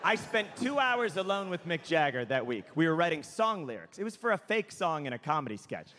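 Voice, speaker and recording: A man's voice: fairly high pitch, fairly quick. A man in his thirties doing stand-up comedy, telling stories and acting out characters. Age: 30s. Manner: animated storytelling, acts out characters. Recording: echoey hall with faint noise.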